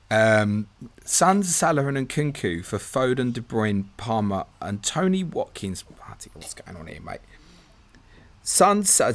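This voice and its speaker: A man's voice: fairly low pitch, a bit bright. A man hosting a live stream, chatting casually as he reads out viewer questions and answers them. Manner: chatty, reads viewer messages aloud, calls people "mate".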